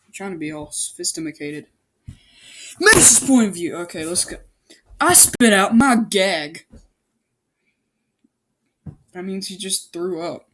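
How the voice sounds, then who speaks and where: A woman's voice: fairly low pitch, unhurried, pauses often, fairly bright tone. A woman casually reading a fan story aloud, often breaking off to joke, comment and correct her own mistakes. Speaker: amateur story reader.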